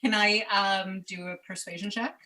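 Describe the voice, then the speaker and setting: Eager bright woman player. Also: mid-range voice, fairly even intonation, moderate pace, rough recording. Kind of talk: casual tabletop play.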